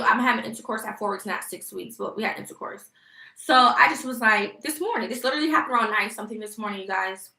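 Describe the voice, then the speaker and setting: High, gravelly-voiced young woman venting. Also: bright, forceful tone, roomy sound. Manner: emotional, rambling, indignant. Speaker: vlogger live-streaming. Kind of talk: casual livestream venting.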